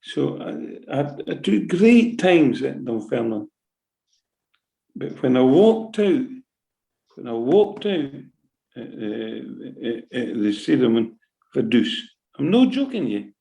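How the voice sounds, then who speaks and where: A middle-aged man with a Scottish accent speaks in an emotional, animated interview. His voice is gravelly, and he keeps circling back with "right?" and "eh?" as he tells his stories. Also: mid-range voice, slow pace, low-quality recording. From Scotland. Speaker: football manager.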